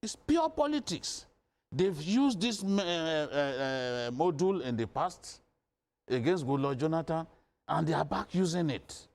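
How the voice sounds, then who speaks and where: A man's voice: a little high, expressive, unhurried, a little mellow. Impassioned northern Nigerian man. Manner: emphatic, repeating points with rising insistence. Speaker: studio guest commentator. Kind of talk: impassioned panel discussion.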